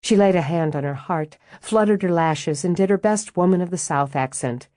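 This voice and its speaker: Low-voiced woman reading an audiobook. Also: normal speed, few pauses, dark tone, no echo, clean studio sound. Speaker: audiobook narrator. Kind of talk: scripted audiobook narration.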